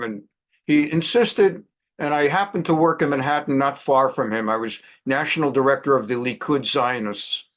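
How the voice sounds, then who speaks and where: A man in his sixties, a rabbi hosting a weekly program, telling anecdotes in a chatty, animated way with frequent restarts. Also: medium pitch, normal speed. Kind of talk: anecdotal monologue.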